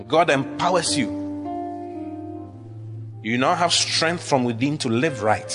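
A man preaching a sermon with emphatic, repetitive declarations, leading the congregation in call-and-response. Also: medium pitch.

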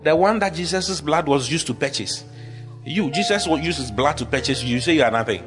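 A man's voice: on the high side, animated, brisk, fairly bright tone, faint music behind. A man preaching a sermon with emphatic, repetitive declarations, leading the congregation in call-and-response.

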